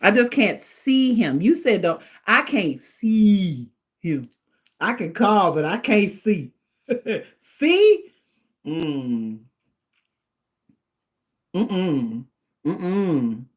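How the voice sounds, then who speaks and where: A middle-aged woman hosting a casual livestream, chatting in an animated way and laughing often. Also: lowish voice, extremely slow, pauses often. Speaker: livestream host.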